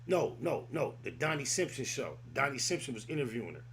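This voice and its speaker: A man's voice: medium pitch, very animated, a little fast, a bit bright, a little hiss or hum. A man hosting a podcast, telling stories casually in loose street slang. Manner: loose, rambling storytelling full of street slang. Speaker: podcast host. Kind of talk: casual chat.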